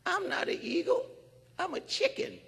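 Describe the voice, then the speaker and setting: Man doing a squeaky timid chicken-bird. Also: wildly swooping pitch, moderate pace, vocal fry, fairly bright tone, exaggerated voice. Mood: stubborn. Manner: high squeaky protesting. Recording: long hall reverb.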